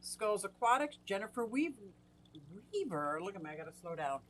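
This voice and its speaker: A woman's voice: mid-range voice, big pitch swings, moderate pace, a little hiss or hum. A middle-aged woman hosting a casual live stream from her fish room at home, chatting away and greeting viewers by name. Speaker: aquarium hobbyist live-stream host.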